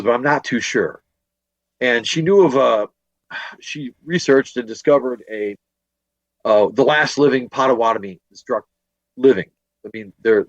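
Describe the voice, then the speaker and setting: A man with a lowish voice, a teacher and paranormal investigator from Northwest Indiana, gives a long, meandering ghost-hunting account in a podcast interview, stumbling through fillers and restarts. He sounds slightly tired after teaching. The audio is dull and has no room sound.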